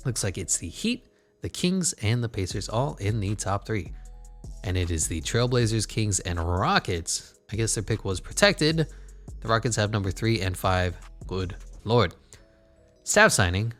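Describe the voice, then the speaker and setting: A man's voice: lowish voice, very animated, unhurried, a bit bright, soft background music. A man commentating his basketball video game in a casual, sarcastic way, swearing and muttering asides. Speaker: gaming channel host.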